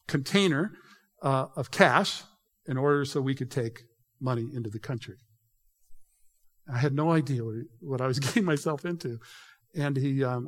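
A man preaching a sermon in an emphatic, conversational way, addressing the congregation directly. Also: mid-range voice. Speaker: pastor. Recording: reverberant hall.

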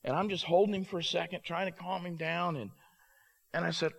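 A man giving a storytelling sermon, animated and prone to quick restarts. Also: fairly high pitch, vocal fry. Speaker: youth ministry speaker.

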